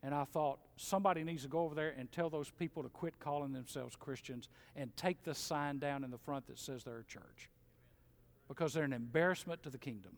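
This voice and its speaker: A middle-aged man preaching a sermon in a church, folksy and animated, mimicking grumblers. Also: fairly high pitch, fairly quick. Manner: animated, folksy, mocks complainers in mimicking voices. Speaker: pastor. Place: church sanctuary. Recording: long hall reverb.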